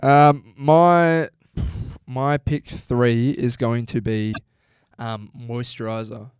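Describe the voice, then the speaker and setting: A man's voice: medium pitch, steady tone, slow pace, clear, resonant tone, no echo, clean studio sound. A young Australian man co-hosting a podcast, bantering casually and giving blunt opinions. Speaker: podcast co-host. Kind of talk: casual chat. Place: podcast studio. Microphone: studio mic.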